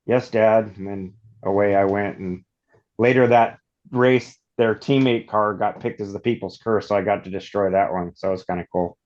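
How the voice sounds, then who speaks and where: A man from Northern California, a podcast guest, telling long rambling stories in a casual, animated way. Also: fairly low pitch, normal speed, muffled recording. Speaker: podcast guest, off-road shop owner. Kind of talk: casual storytelling.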